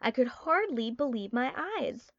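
A woman narrating a children's book in an expressive storytelling style. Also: fairly high pitch, unhurried, dry recording, muffled recording. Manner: expressive storytelling with quoted character lines. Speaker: audiobook narrator. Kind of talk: scripted narration.

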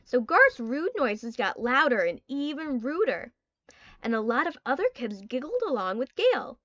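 A woman narrating a children's book in an expressive storytelling style. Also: high-pitched, normal speed, no room sound, highs cut off. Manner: expressive storytelling with quoted character lines. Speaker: audiobook narrator. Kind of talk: scripted narration.

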